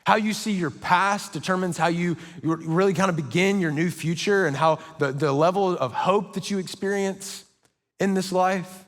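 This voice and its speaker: A man's voice: high-pitched, normal speed, fairly bright tone. Man preaching in a reverberant church hall. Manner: storytelling with playful asides and self-mocking humor. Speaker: pastor. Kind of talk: sermon.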